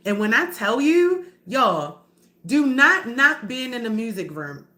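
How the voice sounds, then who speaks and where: Woman live streamer, confrontational and profane, bright tense voice, storytelling to chat. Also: on the high side, big pitch swings, measured pace. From Baltimore area. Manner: blunt, profane, addressing viewers as y'all; heated and confrontational.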